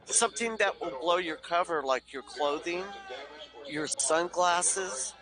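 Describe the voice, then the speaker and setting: A man's voice: sits high, takes it slowly, crowd noise, rough recording. A man chatting casually on a livestream, telling long stories and swearing now and then. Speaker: livestream co-host.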